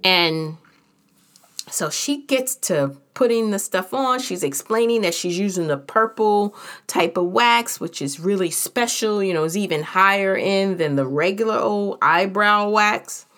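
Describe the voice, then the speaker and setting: A woman's voice: medium pitch, measured pace, fairly bright tone. A woman telling a personal story in a frank, candid and humorous way, chatting casually with plenty of fillers.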